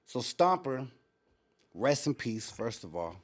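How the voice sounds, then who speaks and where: A man hosting a live show and telling stories in a slangy, profane, animated way. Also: medium pitch, slow. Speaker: host. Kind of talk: casual live-stream storytelling.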